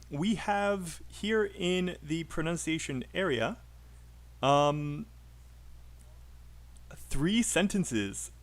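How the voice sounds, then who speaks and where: A man teaching English pronunciation on a live stream, chatty and encouraging, calling out names from the chat. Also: a little high.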